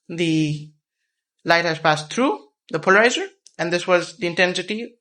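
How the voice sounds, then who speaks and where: A man's voice: high voice, a bit bright. Man, physics teacher, whiteboard lesson, patient, step by step, repeats key terms.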